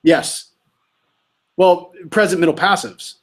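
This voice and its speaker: A man with a high-pitched voice takes it slowly as he tutors students in Greek grammar in a casual session. Patiently, he quizzes them on verb forms, prompting with "you tell me."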